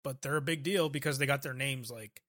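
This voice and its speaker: A man co-hosting a podcast, recapping a show in profane, joking chat and slipping into quick impressions. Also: medium pitch, fairly bright tone, no echo, studio quality. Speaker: podcast co-host.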